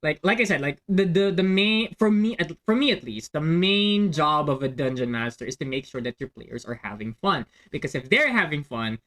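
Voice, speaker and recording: An animated man with a slightly high, somewhat bright voice talks at a moderate pace with few pauses. As host and dungeon master, he tells a game story during a casual chat with friends, rambling with many fillers and frequent restarted sentences.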